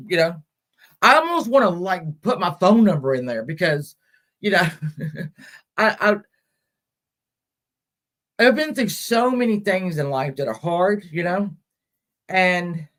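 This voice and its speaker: Halting woman hosting a caregiver stream. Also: fairly low pitch, very animated, fairly bright tone. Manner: halting, full of fillers and restarts; reads and answers viewer comments aloud. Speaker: host of a caregiver support stream. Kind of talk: emotional casual live-stream talk.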